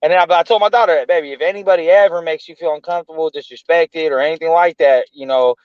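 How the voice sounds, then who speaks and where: Fast-talking high-voiced man telling stories. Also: clean tone, dry recording, lo-fi sound. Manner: animated, slangy, swears freely. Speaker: podcast co-host. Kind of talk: casual storytelling chat.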